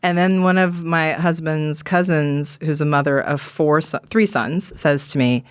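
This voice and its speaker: A woman's voice: low-pitched, fairly even intonation, unhurried, clear, resonant tone, no echo. Frank, rambling woman guest, dry sound. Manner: rambling, frank, swears casually. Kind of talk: candid conversational storytelling.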